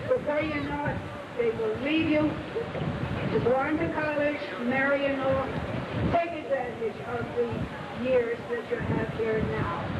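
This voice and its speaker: High-voiced woman echoing across a field. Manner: earnest, halting, with pauses and fillers. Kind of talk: ceremony speech over a PA. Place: outdoor ballfield. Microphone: PA microphone heard from afar. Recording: echoey PA from far off, dull and noisy.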